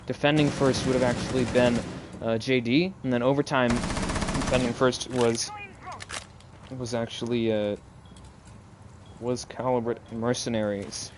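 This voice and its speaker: A man casting an esports match on his own, mixing quick play-by-play with loose, rambling asides to viewers. He speaks into a close mic at a middling pitch. Gunfire and game sounds keep up clearly behind him. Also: little pitch movement, background noise. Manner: casual, rambling, chats with viewers between plays. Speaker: solo esports caster. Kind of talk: live esports play-by-play commentary.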